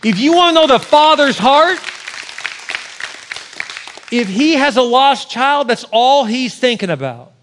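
A man in his forties preaching a sermon with personal stories, animated, joking with the congregation and rising to near shouts at his peaks. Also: very high-pitched, a little slow, long pauses, a faint crowd, a little hiss or hum. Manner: jokes with the congregation. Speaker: pastor.

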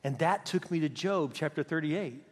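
A man preaching a sermon in an animated, storytelling way, recorded in a church sanctuary. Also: a little high, normal speed. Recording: long hall reverb.

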